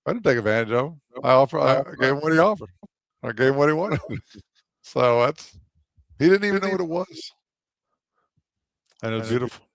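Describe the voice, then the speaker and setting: A man's voice: medium pitch, animated, creaky, no echo. Radio co-host guy, laughs a lot, stumbles on words, dry sound. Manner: laughs often, halting with fillers. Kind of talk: casual chat.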